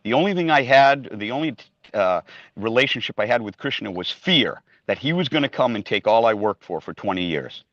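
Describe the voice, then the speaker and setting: A man's voice: mid-range voice, expressive, a little fast, a bit bright, no room sound, muffled recording. A man casually sharing a personal story on a video call, rambling with restarts and acting out quoted speech. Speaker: class participant sharing a story.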